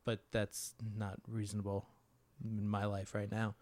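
A man in casual chat, speaking in a hesitant, halting way. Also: lowish voice, monotone, darkish tone, dry recording.

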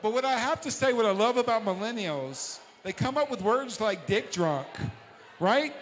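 A man's voice: high-pitched, expressive, normal speed. A man in his forties hosting a live storytelling show, joking and chatting with the crowd. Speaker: host of a storytelling night. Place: live venue with audience. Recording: echoey hall.

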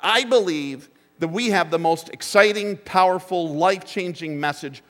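A middle-aged man preaching a sermon, telling a story that drops to hushed asides and rises to urgent bursts. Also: high voice, normal speed. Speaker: pastor. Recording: long hall reverb.

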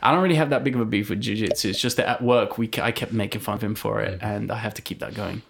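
A man's voice: on the low side, very fast, gravelly, background noise. A man from England co-hosting a podcast, teasing and swearing in casual chat. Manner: swearing, teasing, loud and joking. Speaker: podcast co-host.

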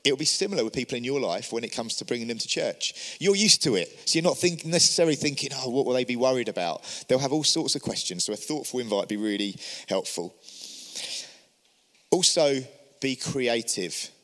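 Man, mid pitch, earnest church teaching with rhetorical questions, long reverb. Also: animated, brisk, a bit bright. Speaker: church leader. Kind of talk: teaching talk on inviting people to church.

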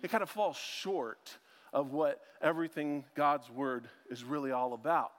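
A man with a fairly high voice preaching to a church, talking casually and breaking in with jokes at his own expense. His voice rings out with a long reverb off the big sanctuary walls. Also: unhurried, fairly bright tone. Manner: joking, chatty, self-deprecating asides. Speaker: preacher and ministry school teacher. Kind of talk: casual conversational sermon.

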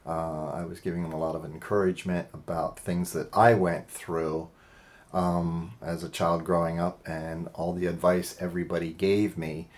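A male interview guest with a low voice who tells his story earnestly. He pauses often and fills the gaps with "uh", sounding sincere and slightly unpolished. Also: level tone, darkish tone. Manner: earnest, halting, with fillers and small laughs. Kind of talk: personal storytelling in conversation.

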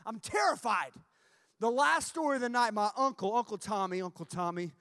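A man preaching at a youth camp, telling a comic story with shouted punchlines before turning earnest. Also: very high-pitched, fairly quick, no room sound.

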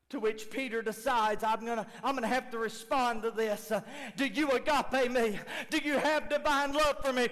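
A man preaching a sermon as lead pastor, dropping low and soft, then rising to shouts as he acts out quoted dialogue. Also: fairly even intonation, moderate pace. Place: church sanctuary. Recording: long reverb of a large hall.

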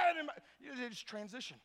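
A pastor preaching a sermon, telling stories with animated voices and acting out the characters. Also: male voice, very high voice, long reverb tail.

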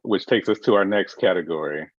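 A man co-hosting a casual pop culture chat, sassy and dismissive with drawn-out asides. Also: sits low, dry recording. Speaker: podcast co-host. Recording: dry, dull lo-fi sound.

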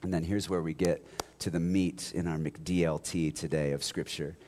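A male pastor preaching a sermon in a conversational, animated way, full of asides and humor. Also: deep voice, normal speed, a little hiss or hum.

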